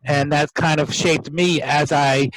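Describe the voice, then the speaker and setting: A middle-aged man from New York hosts a casual chat, reminiscing in a quick, rambling way. His voice sits a little high and sounds dry and close, with no room echo. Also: steady tone, fairly bright tone. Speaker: host.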